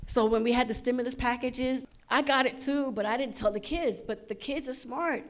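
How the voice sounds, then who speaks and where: A woman's voice: fairly high pitch, brisk, hardly any pauses, slight background noise. Chatty woman doing stand-up comedy. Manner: chatty, punchy delivery with lots of acted-out quotes. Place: on stage at a comedy show.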